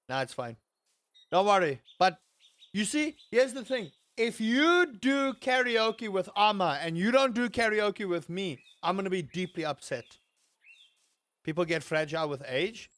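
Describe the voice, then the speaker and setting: A man's voice: high-pitched, animated, measured pace, fairly bright tone. A man hosting a livestream in casual chat, reading out and answering chat with playful jokes and mock outrage. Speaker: livestream host.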